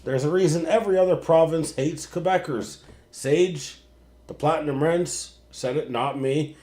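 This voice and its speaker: A young man hosting a late-night sports livestream, ranting, swearing constantly and working himself up into shouting. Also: on the high side, measured pace. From Canada. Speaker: sports show host. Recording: roomy echo.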